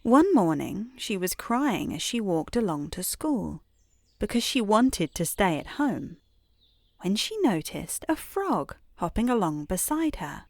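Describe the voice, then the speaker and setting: Female storyteller reading a sleep story, slow and soothing, pitch moving gently, close dry sound. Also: sing-song, no echo. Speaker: host and storyteller.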